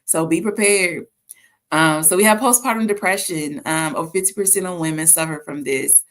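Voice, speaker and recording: A woman from the American South hosting a casual faith talk, telling stories in an animated way with frequent restarts. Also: sits low, moderate pace. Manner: animated storytelling with laughs and restarts. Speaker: host.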